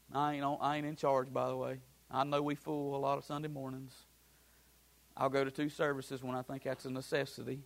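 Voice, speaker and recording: A pastor delivers a sermon with a somewhat high-set man's voice. He stacks repeated phrases that climb in emphasis, then drops into relaxed, folksy asides with "ain't" and "gonna". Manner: preaching with repeated, building phrases and rising emphasis.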